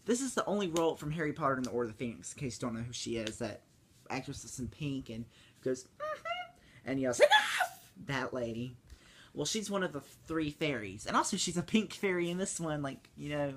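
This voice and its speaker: A man giving a casual movie review, rambling with many fillers and restarts, and now and then breaking into squeaky high voices to mimic the characters. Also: fairly bright tone.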